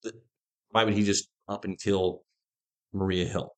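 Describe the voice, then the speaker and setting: A man co-hosting a casual podcast, talking about shows in an emphatic, animated way. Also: low voice, unhurried. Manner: emphatic and animated, stresses words for effect. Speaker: podcast co-host.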